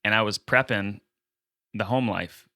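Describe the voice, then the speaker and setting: A man's voice: lowish voice, unhurried, pushed and bright, no room sound. A man co-hosting a podcast, retelling a story with animation and acting out the lines of the people in it. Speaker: podcast co-host. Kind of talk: casual storytelling chat.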